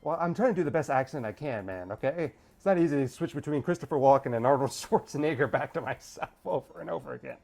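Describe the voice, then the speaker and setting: A man's voice: mid-range voice, expressive, fast talker, vocal fry, few pauses, a little mellow. A man playing through a visual novel, reading it aloud and making jokey, self-aware asides. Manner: jokey, self-aware, laughing between lines. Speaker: let's play gamer.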